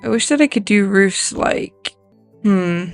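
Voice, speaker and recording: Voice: medium pitch, animated, unhurried, no echo, faint music behind. A video creator giving casual, rambling commentary while building in a life-sim game, thinking aloud and poking fun at their own mistakes.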